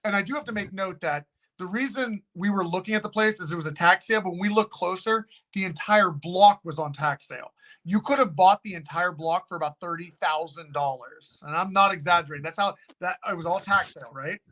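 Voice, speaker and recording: A man who owns a haunted location, a guest telling a story in casual, animated talk and swearing freely. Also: sits high, fairly quick.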